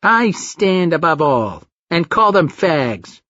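A man's voice: on the high side, very animated, slow pace, pushed and bright, dry recording, muffled recording, voice pushed up, full character voice. A man voicing a monstrous male alien god who speaks like a taunting toddler, crude and grandiose.

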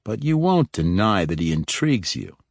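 A man narrating a fantasy story, voicing a sly, probing male dark elf rogue in his own low voice. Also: sing-song, normal speed, dry recording, clean studio sound. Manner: probing, slyly teasing.

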